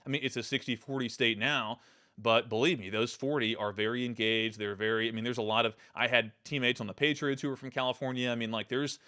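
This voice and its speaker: A man's voice: medium pitch, steady tone, brisk, sharp tone. A man hosting his own show, talking through political commentary in an emphatic, loose way, often restarting and repeating words. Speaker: podcast host.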